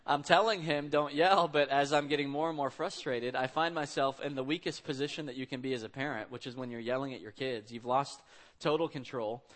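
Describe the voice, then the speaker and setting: Male pastor, thirties, bright, pressing delivery, casual storytelling sermon. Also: mid-range voice, steady tone, a little fast, few pauses. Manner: conversational storytelling, acts out quotes.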